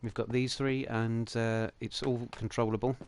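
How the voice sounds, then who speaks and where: A man's voice: medium pitch, little pitch movement, normal speed, a little mellow, slight background noise. A young man hosting a game livestream, talking through it in a chatty, jokey, rambling way. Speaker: livestream host. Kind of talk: casual game commentary.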